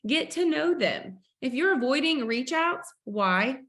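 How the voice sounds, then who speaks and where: A woman's voice: high-pitched, lively intonation, a little slow, fairly bright tone. A woman hosting a sales team video call, upbeat and preachy, acting out family stories as she motivates her team.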